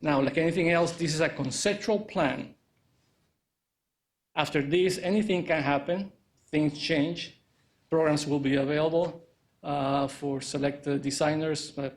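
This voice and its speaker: Halting architect with a fairly high voice. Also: male voice. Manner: hesitant, halting, many fillers. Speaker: architect presenting a project. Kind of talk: press conference presentation. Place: indoor press conference room.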